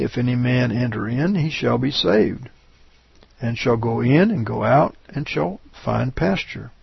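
Male preacher, slow and gravelly, reads scripture with rising emphasis; dull lo-fi recording. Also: medium pitch, dry recording. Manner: reads verses with rising emphasis, asks "right?". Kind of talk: scripture-reading sermon.

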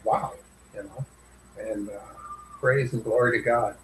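A man thinking aloud in a group Bible discussion, halting and searching for words with many restarts. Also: medium pitch, steady tone, reverberant, a little hiss or hum, poor audio. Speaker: Bible study participant.

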